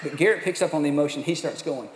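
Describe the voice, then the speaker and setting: A middle-aged man preaches with an animated, self-mocking storytelling manner. His voice sits fairly high. The sound carries a long reverb from a large hall, with a faint hum of room noise behind him. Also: racing. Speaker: pastor. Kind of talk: sermon storytelling.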